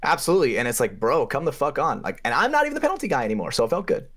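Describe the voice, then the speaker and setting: A young man co-hosting a podcast, telling a game story in a casual, profane way, with his voice jumping up in pitch for emphasis. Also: sing-song, racing, a bit bright. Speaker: podcast co-host and paintball player.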